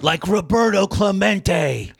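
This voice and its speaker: Podcast guy with a bit higher voice, wry asides, dry close mic. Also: animated, takes it slowly, creaky, slightly rough, no echo. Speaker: podcast co-host. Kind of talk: casual chat.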